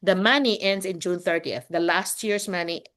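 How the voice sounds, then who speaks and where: A middle-aged woman from the Philippines, chatting casually and quickly on a video call as a teacher and host. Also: lowish voice. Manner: talks fast when excited, lively, with laughs.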